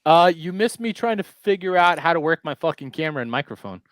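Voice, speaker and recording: A man's voice: on the high side, animated, fast, no room sound. A man from New England hosting a live stream over a headset, telling rambling, profane stories in casual chat. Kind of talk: casual chat with swearing and anecdotes.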